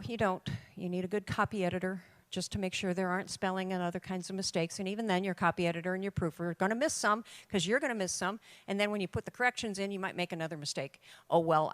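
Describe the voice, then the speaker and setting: Emphatic woman giving a lively talk. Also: on the low side, dry recording. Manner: emphatic and lively, with dramatic pauses. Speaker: conference speaker. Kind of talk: conference talk to writers. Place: conference room.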